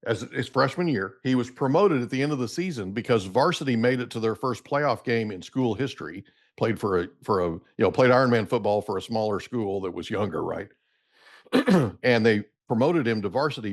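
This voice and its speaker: A middle-aged man hosting a podcast, telling a long story in a casual, animated way and acting out the dialogue. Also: fairly low pitch, moderate pace. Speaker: podcast host.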